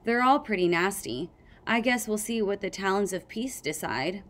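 A woman's voice: mid-range voice, expressive, normal speed, fairly bright tone, natural voice. A woman reads as a bookish young male dragon from a storybook, gloomy and fond of lecturing. He sounds like the know-it-all of the class.

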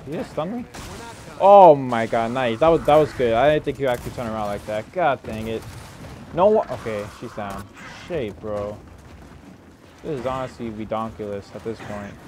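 A young man talks over his own match in a mid-pitched voice, muttering and grumbling at his teammates and at himself. His asides trail off and then burst into loud, exasperated shouts. Faint game sounds hum behind him. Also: normal speed. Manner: frustrated, self-deprecating, swears and mutters at teammates. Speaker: gaming YouTuber. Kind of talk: live gameplay commentary.

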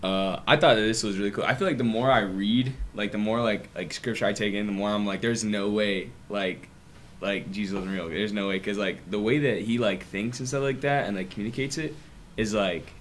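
A man's voice: on the low side, fairly quick, slight background noise. Young man rambling with constant "like"s. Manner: rambling, fills nearly every phrase with "like". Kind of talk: casual group Bible study.

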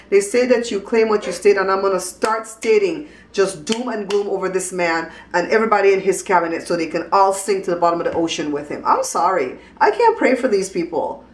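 A woman's voice: medium pitch, reverberant. A woman hosting a casual home vlog, outspoken and teasing as she talks to the camera. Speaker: vlog host. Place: at home in a hallway.

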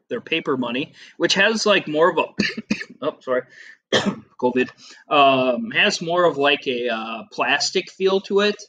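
A man's voice: medium pitch, pushed and bright, muffled recording. A middle-aged man teaching a casual classroom lesson over slides, chatty and rambling with lots of fillers and asides.

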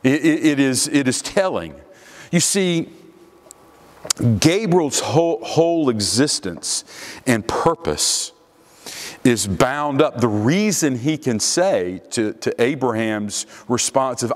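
A man's voice: mid-range voice, expressive, slow. A male pastor preaching a sermon emphatically, repeating his key phrases, in a church sanctuary. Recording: long hall reverb.

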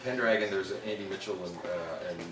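Lively middle-aged male author, lower voice. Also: fairly quick, music in the background, poor audio. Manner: animated storyteller who acts out little scenes. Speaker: author interviewed about his books. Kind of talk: casual interview talk. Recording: faint ambient noise.

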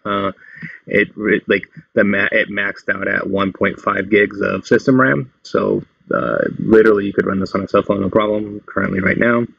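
Tutorial host, male, low and raspy, relaxed meandering delivery, lo-fi audio. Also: normal speed, dry recording. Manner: loose, meandering explanation. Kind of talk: casual screen-recorded tutorial. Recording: dull lo-fi dry sound.

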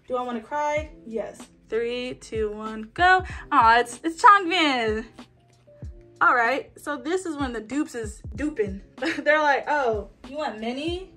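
A young woman chatting excitedly as she unboxes albums, counting down and squealing at each reveal. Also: sits high. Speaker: K-pop album unboxing vlogger. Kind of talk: excited casual unboxing chat.

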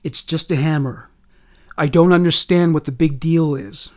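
A man's voice: on the high side, fairly even intonation, normal speed, close to an everyday voice. A man reading a defiant young woman. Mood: exasperated. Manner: firm, exasperated. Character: defiant eighteen-year-old young woman.

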